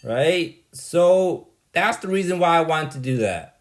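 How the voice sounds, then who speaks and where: A man with a somewhat high voice rambles through a monologue at an unhurried pace. His pitch swings widely as he talks in a blunt, exasperated way, tossing in "right?" and "like" again and again. He sounds dismissive. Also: lively intonation. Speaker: vlogger.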